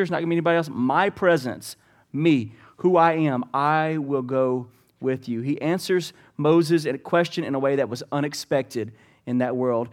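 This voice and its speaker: A man preaching a sermon, pleading and earnest, repeating phrases and asking the congregation questions. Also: on the high side. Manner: earnest preaching, voice rising in pleading passages and dropping for emphasis. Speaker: pastor.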